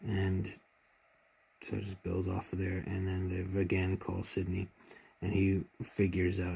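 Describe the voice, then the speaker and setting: Deep gravelly man, emotional and rambling. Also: completely flat delivery, unhurried, a little mellow. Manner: heartfelt, rambling retelling with many restarts. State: choked up with emotion. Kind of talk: casual fan commentary on a TV show.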